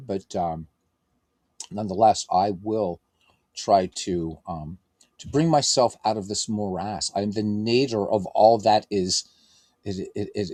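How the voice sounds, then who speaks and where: Lively, low-voiced man chatting baseball. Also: no echo. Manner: chatty, self-mocking, reads lineups like a ballpark announcer. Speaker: game streamer. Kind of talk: casual chat and play-by-play announcing.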